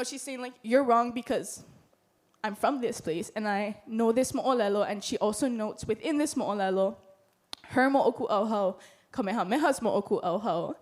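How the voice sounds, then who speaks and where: Young hawaiian woman giving a symposium talk, heartfelt and earnest, kinda high voice. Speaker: student presenter. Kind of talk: symposium presentation. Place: lecture hall.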